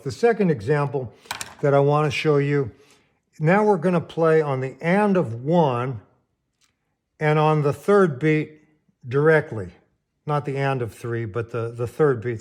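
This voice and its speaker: A man with a mid-range, slightly mellow voice gives a piano lesson, explaining rhythm in plain terms and counting the beats aloud as he plays. Piano music sounds beneath his speech throughout.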